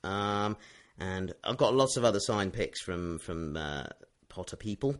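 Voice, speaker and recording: A man's voice: low-pitched, animated, a little slow. A man from the United Kingdom, a guest on a podcast, chatting casually with a lot of fillers and restarts. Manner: rambling, with many fillers and restarts. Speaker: interview guest. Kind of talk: casual chat.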